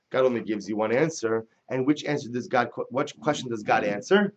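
A man leads a Talmud lesson at a middle pitch. He reads each line in Hebrew or Aramaic and then explains it in English. The recording is dull and lo-fi. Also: animated, a little fast, few pauses. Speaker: Torah teacher. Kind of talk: Talmud class lecture.

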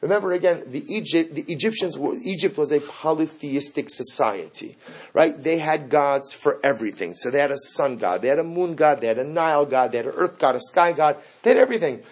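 A man giving a lively Torah class, asking rhetorical questions and mixing in Hebrew terms. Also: fairly high pitch, brisk, slightly rough. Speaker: rabbi teaching Torah.

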